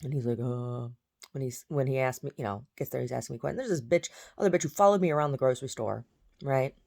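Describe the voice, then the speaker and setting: Low-voiced woman in a profane rant. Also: very fast, vocal fry, a little mellow. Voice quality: blunt, profane, agitated. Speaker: vlogger. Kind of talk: casual vlog rant.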